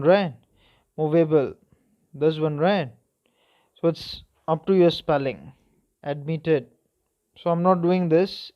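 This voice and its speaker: A man with a fairly high voice teaches spelling rules to a class. He spells words out letter by letter and keeps checking whether the class understands. The recording sounds dull and lo-fi. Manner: spells words letter by letter, asks "okay?" and "clear?". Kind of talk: spelling lesson.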